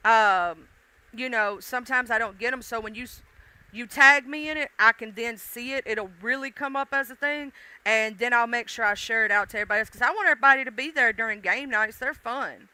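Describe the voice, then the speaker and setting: A Southern woman with a very bright, crisp voice, chatting loosely to her live-stream viewers. Her talk is folksy and sprinkled with casual cussing. The sound is dry and close, with no room echo. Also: a little high, fairly quick. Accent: Southern US, mixed country and urban. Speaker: livestream host.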